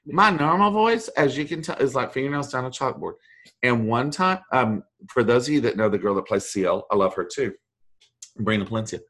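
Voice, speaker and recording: Husky middle-aged man telling animated stories. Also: mid-range voice, fairly quick. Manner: animated storyteller, mimics voices, self-deprecating. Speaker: voice actor guest. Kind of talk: casual interview chat.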